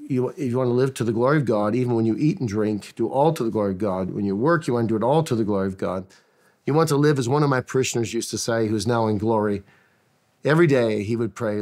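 A man's voice: mid-range voice, darkish tone. Earnest preaching man telling stories. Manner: earnest storyteller, frequent restarts. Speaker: pastor and interview guest. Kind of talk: preaching-style interview answer.

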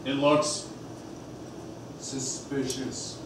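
An actor playing a suspicious, curt police officer who barks short orders on a stage. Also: male voice, mid-range voice, level tone, drawn-out words. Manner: curt, commanding. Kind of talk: stage play acting. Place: theater stage. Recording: echoey stage, from far off, with hiss.

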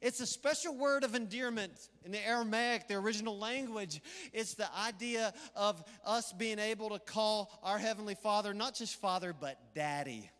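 A middle-aged man with a Southern US accent preaching a sermon in a church, energetic and conversational with playful asides. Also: sits high, moderate pace. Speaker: pastor. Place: church sanctuary. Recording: live church hall reverb.

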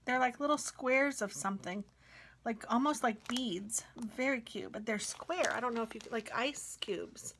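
A woman craft vlogger chatting casually as she unboxes mail, gushing sweetly and sometimes dropping to a soft whisper. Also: a little high, moderate pace, a little hiss or hum.

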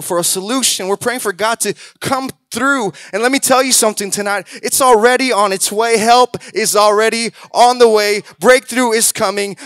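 A man preaches in a high, lively voice, shifting into quoted voices and then building to loud exhortations. The sound is close and dry, with almost no room around him. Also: dry recording. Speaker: pastor. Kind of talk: sermon.

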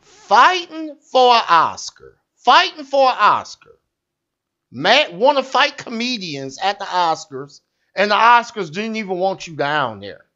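A man delivering a slow, blunt, profane comic rant as a satirical news host. His pitch swings widely, and the recording is dull and lo-fi. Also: big pitch swings, bright, forceful tone.

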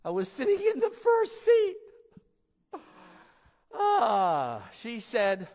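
Fields: male pastor, high animated preaching voice. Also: slow pace, pauses often, big-room sound. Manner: emphatic storytelling with laughs. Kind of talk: sermon. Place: church.

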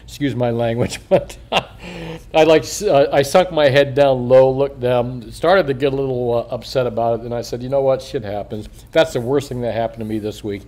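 A man's voice: mid-range voice, moderate pace, darkish tone. An older man, a coin shop owner, talking casually on a video in a rambling, profane way, chuckling and slurring a little through a missing front tooth.

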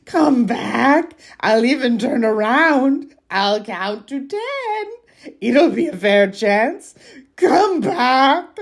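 Lady doing a creepy coaxing troll, high and slow, breathy whispery and husky. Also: sing-song, exaggerated voice. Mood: calling. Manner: slow, wheedling, half-whispered. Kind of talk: reading aloud from a children's novel.

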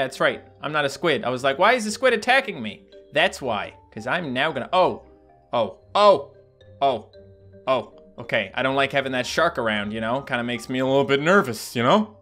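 A young man casually commenting on a game he plays, chatty and animated, yelping and laughing when surprised. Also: on the high side. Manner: animated, yelps and laughs at sudden attacks. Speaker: gaming YouTuber. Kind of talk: casual let's-play commentary.

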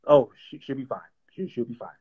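A man's voice: medium pitch, animated, quick pace, slightly rough. Loose, rambling man on a dull line. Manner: loose and playful, lots of fillers and repeats. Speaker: songwriter and producer. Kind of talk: casual interview chat.

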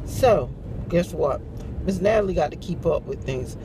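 A woman's voice: on the low side, animated, noisy background. A woman in casual chat to camera as a couponing vlogger, dramatic and playful, hollering and laughing. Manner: dramatic, hollers and laughs often, slow drawn-out delivery.

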